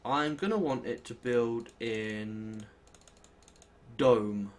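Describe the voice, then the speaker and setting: Rambling British lad narrating gameplay. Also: male voice, medium pitch, extremely slow. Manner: rambling, self-deprecating, thinks aloud while playing. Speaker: let's play host. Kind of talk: casual gameplay commentary.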